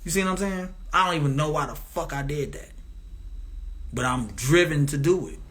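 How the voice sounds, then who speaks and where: A man's voice: fairly high pitch, moderate pace, a bit bright. Rambling, profane, grandiose man. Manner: profane, grandiose, meandering with restarts. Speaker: commentator. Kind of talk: rambling monologue.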